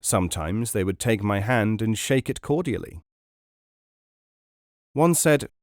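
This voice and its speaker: A man's voice: fairly low pitch, a little slow, long pauses, smooth, dry recording. Man narrating a book in a dry voice. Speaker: podcast narrator.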